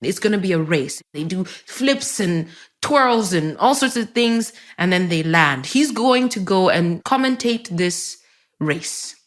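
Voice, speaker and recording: Woman, personal storytelling, podcast, conversational, self-mocking, lively pitch swings. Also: measured pace.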